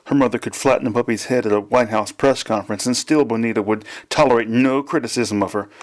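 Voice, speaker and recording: A man, the author, reading his novel aloud in a plain, measured way. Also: medium pitch.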